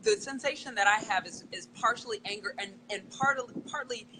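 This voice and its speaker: A woman's voice: fairly high pitch, sing-song, fairly quick, noisy background. A woman co-host in a casual conversation, often agreeing and affirming her partner.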